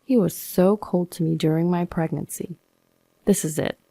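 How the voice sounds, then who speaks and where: A woman's voice: on the low side, steady tone, normal speed, creaky, dark tone, no room sound. A woman narrating her own story in the first person, sounding aggrieved and fed up.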